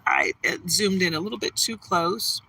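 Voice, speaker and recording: A woman's voice: lowish voice, moderate pace, gravelly, bright, forceful tone, breathy edge, poor audio. A woman from Detroit, Michigan hosting a live tarot stream, chatting bubbly and greeting viewers by name. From Detroit, Michigan, USA. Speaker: livestream tarot reader. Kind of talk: casual livestream chat.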